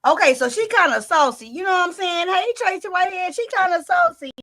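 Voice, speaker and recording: A woman's voice: very high-pitched, animated, fairly quick, a bit bright. A woman hosting a reaction video, chatting casually straight to her viewers and laughing often.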